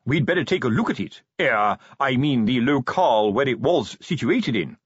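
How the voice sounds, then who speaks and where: A man's voice: mid-range voice, lively intonation, moderate pace, husky, no room sound, muffled recording. A man voicing a portly, plodding watch sergeant who tries to sound official, in an audiobook. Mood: officious. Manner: earnest, trying to sound official. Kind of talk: audiobook character voice.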